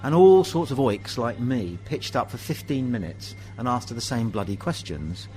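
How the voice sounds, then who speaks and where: Animated English man telling pub anecdotes. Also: medium pitch, normal speed, poor audio. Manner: animated anecdotes, acts out dialogue. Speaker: host. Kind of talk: pub chat storytelling.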